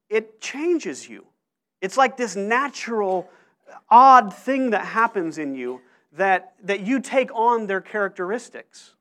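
Man, pastor, sermon, animated storyteller, lively pitch, fairly high voice. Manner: animated storyteller with frequent restarts.

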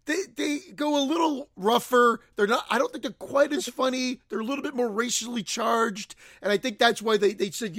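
A man's voice: very high voice, moderate pace, hardly any pauses, fairly bright tone, dry recording, studio quality. A man co-hosting a podcast, chatting casually in a rambling, profane way and laughing easily. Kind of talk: casual chat.

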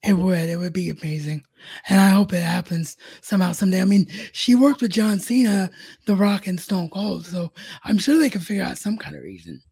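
A woman's voice: mid-range voice, a little fast, gravelly, warm tone, slightly rough. A woman co-hosting a casual fan chat show from home, agreeable and steering the talk back on track. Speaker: podcast co-host.

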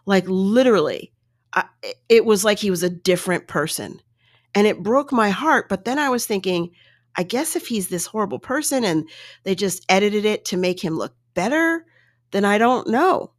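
A woman podcast host talking chattily and casually, her pitch leaping around as she acts out what others said. Her voice is close and dry, with no room sound. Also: lively intonation, normal speed, no room sound. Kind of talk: casual solo podcast recap.

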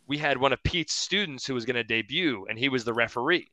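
A young man, a pro wrestler guest on a podcast, telling stories in an animated way, with lots of restarts and laughs. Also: medium pitch, quick pace, few pauses, dry recording. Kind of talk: casual podcast chat.

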